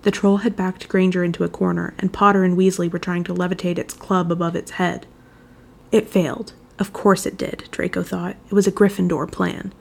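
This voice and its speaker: A woman with a low, gravelly voice narrates a chapter of fan fiction as an audiobook. She keeps an even, measured delivery, moving through the long passage at a storyteller's steady pace.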